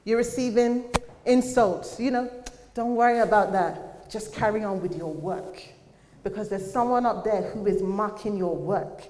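A young adult woman preaching a sermon in earnest, conversational tones, sometimes pausing on fillers. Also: medium pitch, dark tone, a little hiss or hum. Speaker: church speaker. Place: church hall. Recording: echoey church hall.

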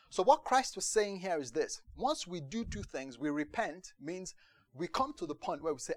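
A man preaching a sermon in a lively, joking storytelling manner. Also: high-pitched, normal speed, no room sound.

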